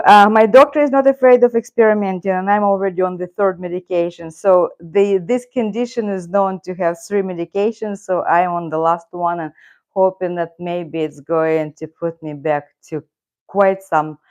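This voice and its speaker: A woman's voice: on the low side, fairly even intonation, normal speed, darkish tone. A middle-aged woman with a Russian accent, chatting casually and rambling on a live stream. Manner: rambling, talks to her cat and viewers. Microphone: loose clip-on mic.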